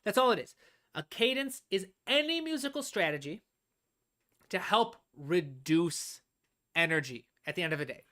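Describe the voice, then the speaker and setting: A woman's voice: on the low side, lively intonation, normal speed, a bit bright. Woman explaining music theory on a live stream. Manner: explanatory, stretches words while thinking, checks in with "all right?". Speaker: music composition teacher.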